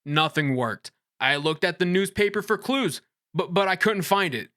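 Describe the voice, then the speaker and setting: Bright high-voiced blunt game reviewer man. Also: animated, moderate pace, dry recording, studio quality. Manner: blunt, irreverent, stammers on restarts. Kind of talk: casual profane game commentary.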